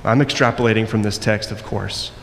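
A man preaching a sermon, acting out the quoted voices and moving between loud and soft passages. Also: fairly low pitch, fairly even intonation, fairly quick, creaky. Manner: acts out quoted voices, varies loudness widely. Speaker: pastor. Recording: long echo in a hall, faint noise.

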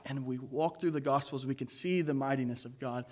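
A man's voice: mid-range voice, a little fast. A man preaching a sermon as pastor, earnest and emphatic, with casual asides to the congregation.

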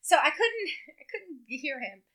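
High, bright-voiced woman telling a story. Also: measured pace. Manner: lively storytelling, laughs through her story. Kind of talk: casual chat.

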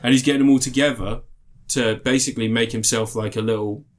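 A man co-hosting a podcast, telling stories excitedly, swearing often and laughing through them. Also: mid-range voice, quick pace. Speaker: podcast co-host. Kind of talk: casual chat.

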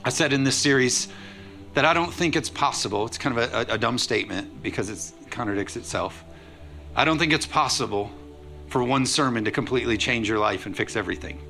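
Bright, gravelly-voiced preaching pastor. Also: male voice, medium pitch, brisk, faint music behind. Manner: energetic, conversational preaching with playful asides. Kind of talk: sermon. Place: church sanctuary with congregation.

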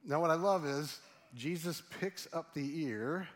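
A man's voice: a little high, measured pace. Joking, conversational male preacher. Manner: humorous, conversational, asks the audience questions. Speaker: pastor. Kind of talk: sermon.

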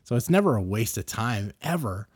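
A middle-aged man hosting a podcast, telling a story casually and getting animated and louder as he gets worked up. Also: on the low side, fairly quick, husky, dry recording, clean studio sound. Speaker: podcast host.

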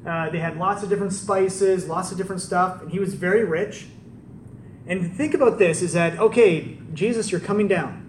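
An animated male preacher with a fairly high voice tells a story to a live crowd at a moderate pace, often checking in with rhetorical questions in a conversational sermon. He's a little distant from the mic, the large room echoes strongly, and a faint ambient hum sits underneath.

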